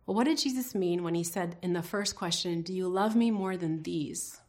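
A woman's voice: fairly low pitch, moderate pace, a little mellow. A woman teaching a devotional Bible lesson in an earnest, reflective way, putting questions to her listeners.

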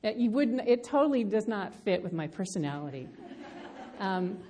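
A woman's voice: medium pitch, very animated, normal speed, mellow, a little hiss or hum. A middle-aged woman teaching a Bible study to a room of listeners, reflective and personal, with frequent ums. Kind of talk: teaching talk. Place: room with a live audience.

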